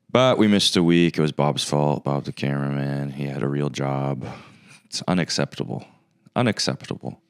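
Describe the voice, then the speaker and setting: Male podcast host, low smooth voice, sarcastic mock-arrogant banter, casual comic monologue. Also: dry recording, studio quality.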